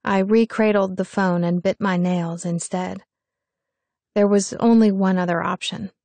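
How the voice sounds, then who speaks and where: A young woman narrating a first-person story in an expressive, wry reading style. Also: mid-range voice, a little slow, creaky, no room sound. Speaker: audiobook narrator.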